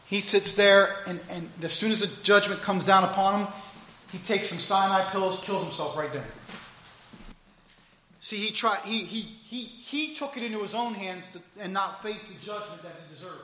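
Male preacher with a high, sharp voice, emphatic, swinging loud and quiet while reading scripture. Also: moderate pace.

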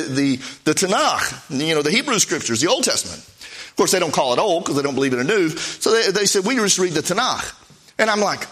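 Folksy, animated male preacher telling stories. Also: on the high side, husky. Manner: folksy, animated anecdotal preaching with acted-out dialogue. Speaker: preacher, missionary. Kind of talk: sermon storytelling.

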